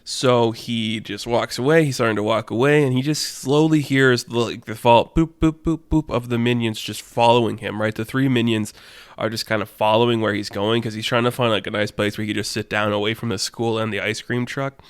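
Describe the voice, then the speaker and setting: A man's voice: medium pitch, fairly even intonation, a little fast, smooth, dry recording. Man rambling through a casual story. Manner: rambling, filler-heavy.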